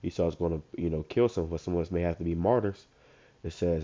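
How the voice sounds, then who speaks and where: A man with a stuffed-up voice who reads verses slowly, then comments on them in casual slang. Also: low-pitched, warm tone. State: congested, stuffed up. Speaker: street preacher. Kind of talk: informal scripture commentary. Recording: dull lo-fi recording.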